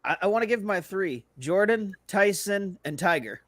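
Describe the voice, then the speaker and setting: A man co-hosting a sports podcast, making crude jokes and laughing quickly. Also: sits high, lively intonation, fairly bright tone. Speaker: podcast co-host. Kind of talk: casual sports chat.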